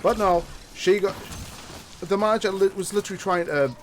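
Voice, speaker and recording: A man's voice: high voice, fairly quick, slight background noise. A man streaming a game, telling a story in a ranting, profane way. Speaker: gaming streamer. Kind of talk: casual gameplay chat.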